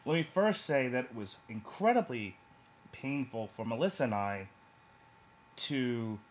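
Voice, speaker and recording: A man's voice: mid-range voice, animated, a little slow. A man from New York casually reviewing a movie, talking emphatically and rambling with restarts.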